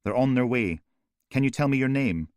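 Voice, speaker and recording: A man's voice: medium pitch, animated, moderate pace, a little mellow, no room sound, studio quality, voice pushed up, lightly acted. A man voicing a police emergency operator, firm, insistent and controlled.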